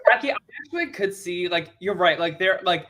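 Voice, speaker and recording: A woman's voice: fairly low pitch, animated, fairly quick, a bit bright. A woman co-hosting a podcast in casual chat, rambling through lots of filler words. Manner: chatty, full of "like" fillers. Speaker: podcast co-host.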